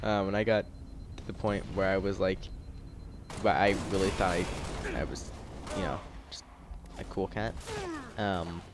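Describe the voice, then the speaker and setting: A teenage boy talks over his gameplay in a loose, rambling way, with constant fillers and restarts. His voice sits a little low and he keeps slipping into heated rants. A faint hiss sits under the recording. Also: flat delivery, a little slow, long pauses. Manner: rambling, filler-heavy, frustrated ranting. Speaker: gaming YouTuber. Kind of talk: casual gameplay commentary.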